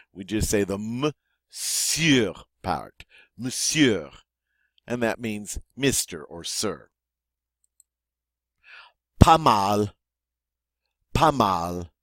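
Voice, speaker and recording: Male teacher, lowish voice, slow and animated, dry close sound. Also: no room sound. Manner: slow, repeats each word twice. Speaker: French teacher. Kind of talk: vocabulary lesson.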